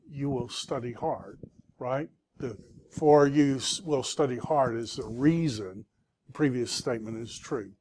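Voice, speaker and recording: A middle-aged man lectures on Greek vocabulary at an unhurried, deliberate pace. His voice sits at an ordinary middle pitch. He explains patiently and keeps checking that his students are following. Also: mellow. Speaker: Greek teacher. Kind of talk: classroom lecture.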